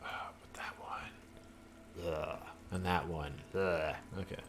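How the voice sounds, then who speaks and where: A man's voice: low voice, little pitch movement, slow, a bit bright, whispered. A man streaming a video game, making casual commentary with playful asides as he reads the dialogue aloud.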